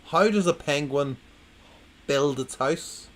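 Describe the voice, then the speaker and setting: A man's voice: on the high side, slow pace. Tipsy man reading dad jokes. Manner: laughs at his own jokes, repeats punchlines. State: drunk.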